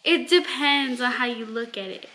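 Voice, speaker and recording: Bright high-voiced woman giving emphatic opinions. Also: moderate pace, rough recording. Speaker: friend in the vlog. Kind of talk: casual chat.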